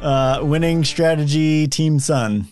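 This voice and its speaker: A man's voice: fairly high pitch, takes it slowly, a little mellow. A man recaps a finished board game round in a loose, chatty way, cracking jokes and laughing mid-sentence. There is faint music playing underneath. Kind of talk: casual chat.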